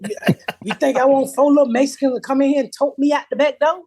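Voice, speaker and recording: A woman in her fifties hosting a comedy podcast, telling stories loudly with lots of profanity over a patchy remote call. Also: sits high, fast. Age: 50s. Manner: loud, profane, animated storytelling. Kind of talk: casual podcast chat. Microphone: remote call with a patchy connection.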